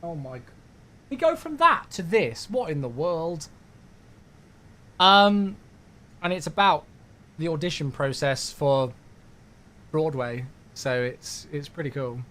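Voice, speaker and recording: A man's voice: a little high, sing-song, slow, long pauses, pushed and bright. A young man, chatting casually on a flight-sim live stream and thanking viewers by name.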